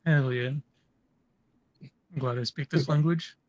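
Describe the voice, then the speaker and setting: A man playing a tabletop game over an online call, easygoing and quick to laugh. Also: mid-range voice, steady tone, darkish tone, no room sound. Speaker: player. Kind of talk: casual game chat.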